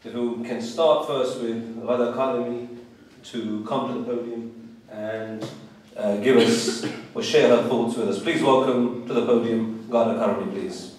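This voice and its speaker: Hoarse man chairing a debate. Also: medium pitch, fairly even intonation, a little mellow, a little hiss or hum. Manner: measured, formal, reads from notes. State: hoarse, under the weather. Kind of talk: formal introductions at a public debate. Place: large lecture hall. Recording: echoey hall, voice from far off.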